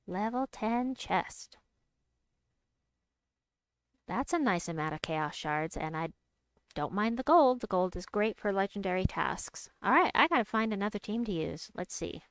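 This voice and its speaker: A young adult woman gives casual commentary over her gameplay. Her voice is smooth and clear at a middle pitch, recorded close and dry. She chats with her viewers and breaks into excited squeals at big moves. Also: a little slow, no echo. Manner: chatty, reads out and answers chat, squeals with excitement. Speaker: game streamer.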